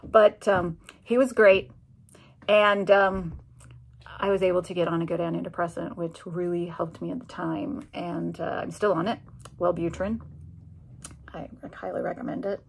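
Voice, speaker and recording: A woman's voice: on the low side, steady tone, moderate pace, creaky, a little hiss or hum. A middle-aged woman, a former special education teacher, candidly telling a personal story in a vlog and acting out the conversations she quotes. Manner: candid, conversational, acts out dialogue with quoted voices.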